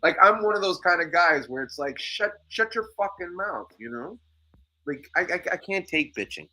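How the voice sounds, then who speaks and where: A man's voice: on the high side, animated, moderate pace, bright, forceful tone, poor audio. A man hosting a casual chat show who tells a heated, profane story. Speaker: podcast host.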